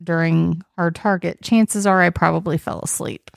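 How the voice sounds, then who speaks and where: A woman on a podcast, answering with wry, defensive humor and frequent laughter. Her voice sits lowish for a woman, and the recording is close and dry. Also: steady tone, normal speed, gravelly, dry recording. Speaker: podcast guest. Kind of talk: casual chat.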